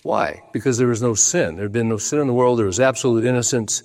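A man's voice: mid-range voice, fast talker, a little mellow, big-room sound. An older man preaching a sermon, telling stories with emphasis and acting out quoted voices. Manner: storytelling, emphatic, acts out quotes in a raised voice. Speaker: pastor.

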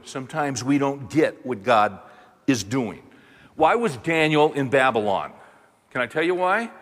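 A man preaching a sermon, animated and voicing the people in his story with dramatic quotes. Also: on the high side. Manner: animated, voices the prophet and God in dramatic quotes. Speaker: pastor. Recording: long reverb of a large hall.

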